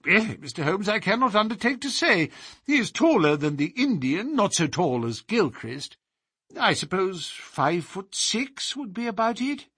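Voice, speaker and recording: A man's voice: sits high, sing-song, a little slow, sharp tone, slightly rough, dry recording, clean studio sound, pitched above the performer's own voice, heavily acted. A man voicing a fussy, agitated older college tutor who pleads and frets. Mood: hesitant. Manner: flustered, pleading.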